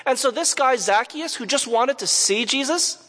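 Man, high voice, conversational sermon, asks the crowd questions, long hall reverb. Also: expressive, moderate pace, pushed and bright. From Canada, Montreal. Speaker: preacher. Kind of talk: sermon with personal storytelling.

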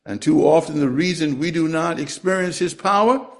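A man preaching a sermon and reading scripture aloud, speaking slowly and deliberately and letting his voice fall at the end of phrases. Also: creaky. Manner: slow, deliberate, drops pitch at phrase ends.

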